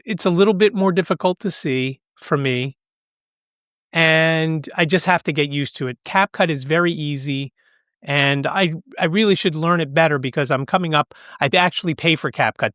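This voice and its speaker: A man's voice: fairly high pitch, a bit bright, no echo, clean studio sound. A man hosting a podcast, recounting his trip in a chatty, rambling way with frequent restarts and light laughs. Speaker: podcast host. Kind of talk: casual vlog recap.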